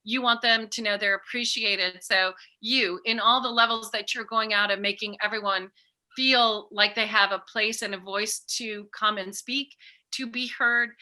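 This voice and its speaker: A middle-aged woman speaking as a podcast guest, talking in a lively, animated way and acting out bits of dialogue. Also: medium pitch, moderate pace. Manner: animated, acts out remembered dialogue. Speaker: guest, author and peace educator. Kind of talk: casual podcast conversation.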